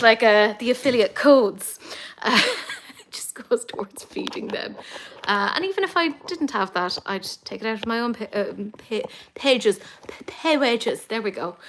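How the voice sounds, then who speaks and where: An Irish woman with a somewhat high voice chatting casually through a live makeup stream at home. She wanders into rambling, self-deprecating asides. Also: a bit bright, a little hiss or hum. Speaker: beauty YouTuber host.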